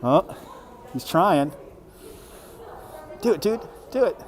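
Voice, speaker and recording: A man's voice: high-pitched, animated, slow, slight background noise. A man livestreaming as he walks a city street and into a market, chatting to viewers and laughing often, recorded on a phone on a handheld gimbal. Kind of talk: live walking stream commentary.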